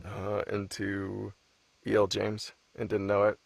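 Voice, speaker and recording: A man's voice: fairly low pitch, monotone, slow pace, creaky, dry recording. A man, an audiobook narrator, chatting casually on a live stream, laid-back and swearing freely as he tells stories with a laugh. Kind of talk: casual chat.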